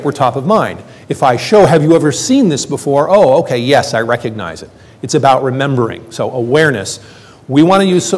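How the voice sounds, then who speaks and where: An older man giving a lively conference talk, joking with the audience and acting out quoted lines. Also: fairly high pitch. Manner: quipping, plays out quoted voices. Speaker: conference speaker. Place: lecture hall. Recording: hall reverb from stage.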